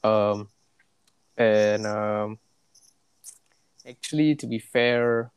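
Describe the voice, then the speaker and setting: A young man with a Singaporean accent, co-hosting a podcast in a fairly low voice. His delivery is laid-back and playful. His sentences loop and restart as he works through his points. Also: drawn-out words, clean tone, no echo. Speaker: podcast co-host. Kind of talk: casual podcast chat.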